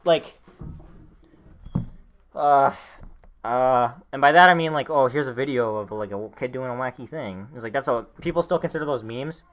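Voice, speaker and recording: A man's voice: medium pitch, normal speed, long pauses, fairly bright tone. A young man co-hosting a casual podcast, rambling and swearing with plenty of filler words, and he has the hiccups. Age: young adult. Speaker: podcast co-host. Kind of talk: casual chat.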